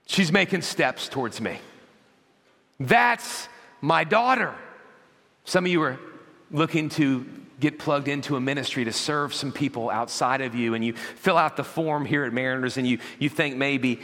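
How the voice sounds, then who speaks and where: A man preaching a sermon as pastor, telling animated stories and acting out parents and children. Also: mid-range voice, moderate pace. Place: large church auditorium. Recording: long church hall reverb.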